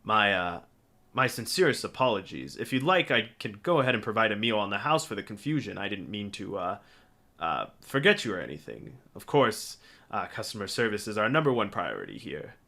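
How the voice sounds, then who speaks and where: A man's voice: fairly low pitch, sing-song, brisk, creaky, bright, forceful tone, full character voice. A man doing a courteous android hotel attendant. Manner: formal, courteous.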